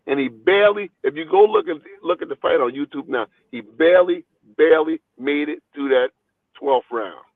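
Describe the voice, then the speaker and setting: A boxing trainer telling stories in a phone interview, talking in an animated, rambling way and repeating his words. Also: fairly high pitch, moderate pace, no echo. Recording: tinny phone line, dry.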